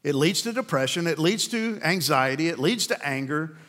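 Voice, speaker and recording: A man preaching a sermon to a men's group, earnest and asking rhetorical questions, slowing down to land key points. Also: a little high, lively intonation, fairly bright tone.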